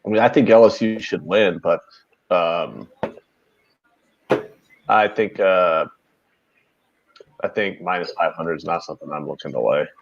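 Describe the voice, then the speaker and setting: A man's voice: low voice, a little slow, creaky, pauses often, a little hiss or hum. Chatty man on a dull lo-fi mic. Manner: chatty, storytelling, mild swearing. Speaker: panelist. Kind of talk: casual sports betting chat.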